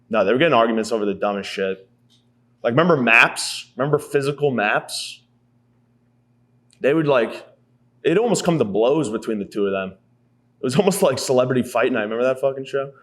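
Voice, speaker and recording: A man's voice: medium pitch, a bit bright. A man in his thirties delivering a rambling, profane, self-mocking comedy monologue as a podcast host. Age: 30s.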